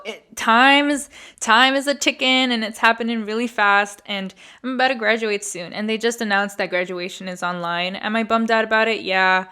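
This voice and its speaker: A young woman in her twenties talks through a story on her podcast, candid and chatty, swearing freely as she goes. Her voice is bright and forward, and sits at a middle pitch. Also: clean tone. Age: 20s. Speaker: podcast host. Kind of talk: casual storytelling monologue.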